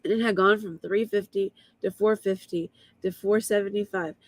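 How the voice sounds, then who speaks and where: A woman guest telling a vivid, emotional story in a casual way, with quick asides. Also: medium pitch, fairly even intonation. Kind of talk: casual storytelling on a live stream.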